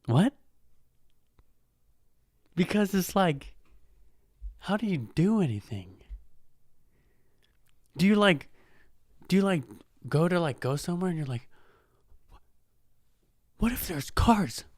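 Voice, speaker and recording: A man's voice: high voice, lively intonation, slow, pauses often, dry recording, studio quality. A man hosting a podcast, riffing in a mocking, profane way and laughing at his own jokes. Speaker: podcast host. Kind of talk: casual comedic monologue. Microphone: podcast microphone.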